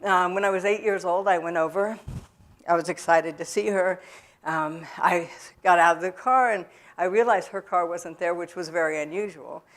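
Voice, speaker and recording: A woman speaking in a church, telling her own story to the audience in a halting way, with many pauses and fillers. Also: on the low side, a bit bright. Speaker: guest speaker at a recovery event. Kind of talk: personal testimony to a church audience. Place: church sanctuary.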